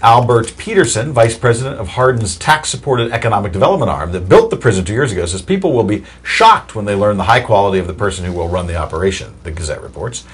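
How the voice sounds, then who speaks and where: A man with a husky, fairly low voice runs a casual commentary, reading news stories aloud and breaking in with wry, chatty asides. His pitch moves around a lot as he talks. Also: animated, fast talker, few pauses. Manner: wry, chatty, reads articles with asides and fillers. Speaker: political commentary host.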